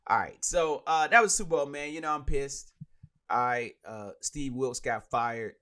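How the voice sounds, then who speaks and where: A man's voice: mid-range voice, moderate pace, sharp tone, clear, resonant tone. A man hosting his own podcast, ranting and joking in casual solo sports talk. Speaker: podcast host.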